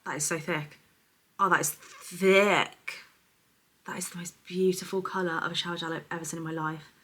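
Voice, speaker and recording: A young woman chatting effusively through a product unboxing, sometimes dropping to a hushed voice. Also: fairly low pitch, fairly even intonation, normal speed. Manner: chatty and effusive, often dropping to a soft hush over products. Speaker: beauty vlogger. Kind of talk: casual unboxing chat.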